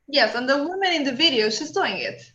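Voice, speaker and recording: A woman's voice: high voice, lively intonation, brisk, bright, forceful tone. Woman teaching in an echoey room. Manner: chatty, explanatory, frequent fillers. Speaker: workshop instructor. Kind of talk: online workshop teaching. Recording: echoey, dull lo-fi sound.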